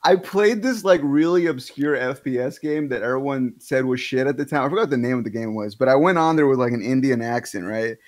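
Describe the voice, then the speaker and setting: A man's voice: medium pitch, brisk, few pauses. A man guesting on a podcast, telling a long, rambling story in casual chat and swearing often.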